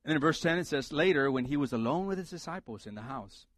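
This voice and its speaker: A man's voice: on the high side, lively intonation, fast, dry recording. A middle-aged male pastor preaching a sermon in a conversational, humorous way, repeating his key points for emphasis.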